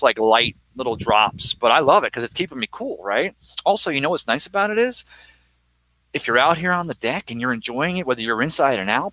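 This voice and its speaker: A man's voice: medium pitch, pushed and bright, no room sound, poor audio. A man hosting a sports web show live from an outdoor bar deck in light rain, rambling casually about the weather and the coming broadcast. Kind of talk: casual live-stream commentary.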